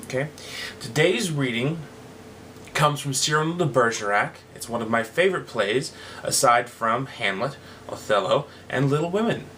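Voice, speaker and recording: A man speaking casually to his viewers in a homemade vlog. He sounds chatty and a little hesitant, pausing now and then to find his words. His pitch sits in a middle range but moves around a lot as he talks. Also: animated, pushed and bright, a little hiss or hum. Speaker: vlogger.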